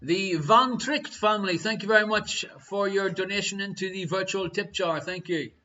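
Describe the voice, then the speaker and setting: A man with an Irish accent hosting a live online quiz, chatty and teasing, reading each question slowly twice. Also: sits high, pushed and bright. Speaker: quiz host. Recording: dull lo-fi stream audio.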